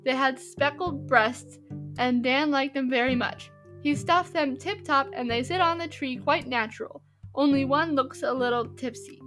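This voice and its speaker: A woman reading the part of a lively schoolboy reading his cheeky letter aloud. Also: high voice.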